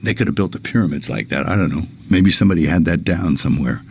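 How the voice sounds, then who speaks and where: Gravelly, low-voiced man. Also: fast, no echo. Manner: animated anecdote-telling, acting out quotes. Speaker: guest. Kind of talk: casual conversation.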